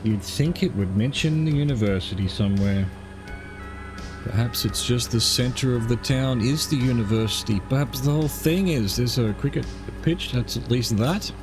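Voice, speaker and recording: A man talks casually over a flight sim, musing aloud and dropping wry little asides. His voice sits at an ordinary middle pitch. Soft music plays faintly behind him. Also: normal speed. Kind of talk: casual gameplay commentary.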